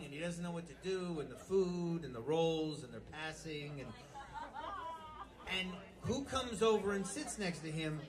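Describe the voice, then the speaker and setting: A man telling crude jokes in a rambling live stand-up set. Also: a little high. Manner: rambling, crude, loose storytelling. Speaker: stand-up comedian. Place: small live venue with music. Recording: live club recording with crowd and music. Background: music and audience noise.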